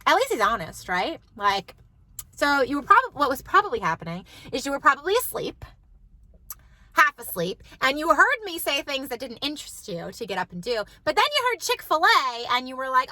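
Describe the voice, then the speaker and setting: A woman's voice: high-pitched, very animated, a little fast, pushed and bright, dry recording, poor audio. A woman, telling a story to the camera in a chatty way, with lots of "like". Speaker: mom vlogger. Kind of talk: casual chat to camera.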